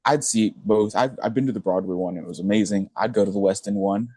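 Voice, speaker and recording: A young man co-hosting a podcast, chatting excitedly with lots of filler words. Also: fairly low pitch, fast talker, breathy edge, dry recording. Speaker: podcast co-host. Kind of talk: casual chat.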